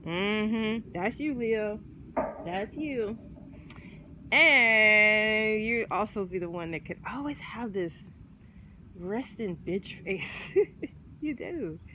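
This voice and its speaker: A woman's voice: mid-range voice, animated, drawn-out words, pauses often, noisy background. Chatty rambling woman vlogger. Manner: rambling, chatty, full of fillers and restarts. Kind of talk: casual chat to camera.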